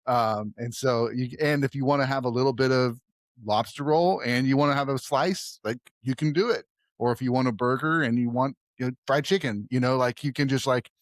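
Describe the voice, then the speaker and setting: A man's voice: medium pitch, fairly quick, no echo, studio quality. A man hosting a film podcast, talking casually and rambling, often trailing off and restarting. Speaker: podcast host.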